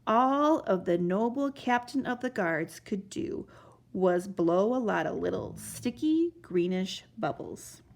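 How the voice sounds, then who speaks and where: Animated woman reading a children's story. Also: mid-range voice, slow, gravelly. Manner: expressive, animated narration.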